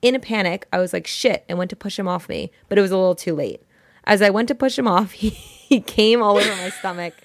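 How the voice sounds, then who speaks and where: Young woman, podcast co-host, casual giggly chat, gravelly fry, dry close mic. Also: medium pitch, brisk, no echo. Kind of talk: casual chat and reading a listener story. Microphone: studio mic.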